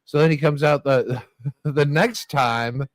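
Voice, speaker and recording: A man's voice: on the high side, slow, dry recording. A man telling a rambling, profane story to friends, laughing his way through it. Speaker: storyteller in a group chat. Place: bar or podcast table with friends.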